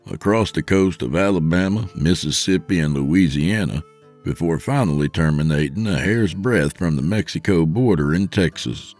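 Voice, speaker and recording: A man narrating a scripted horror story for a podcast, in an expressive, theatrical way. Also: rumbling low.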